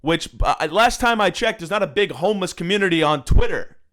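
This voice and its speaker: A man's voice: sits high, expressive, fairly quick, fairly bright tone. A young man hosting a podcast, ranting sarcastically with plenty of swearing, recorded on his phone at home. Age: young adult. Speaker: podcast host. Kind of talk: solo comedic rant. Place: room at home.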